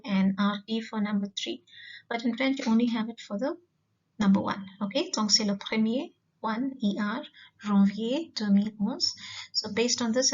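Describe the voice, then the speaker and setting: A woman, a French teacher giving a recorded lesson and patiently repeating words slowly. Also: on the high side, a little mellow. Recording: dull lo-fi recording.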